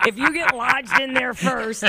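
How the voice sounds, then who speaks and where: A woman from Philadelphia, co-hosting a casual talk show, animated and exasperated. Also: a little slow, creaky, very noisy. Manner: animated, exasperated, jumps between pitches. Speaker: radio co-host.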